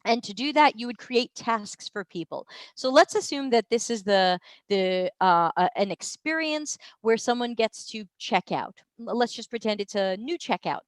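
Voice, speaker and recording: A woman's voice: fairly high pitch, lively intonation, normal speed, few pauses, dry recording. An American woman hosting live office hours, explaining research methods in a conversational, explanatory way with many fillers and restarts. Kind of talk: live-stream Q&A, casual teaching.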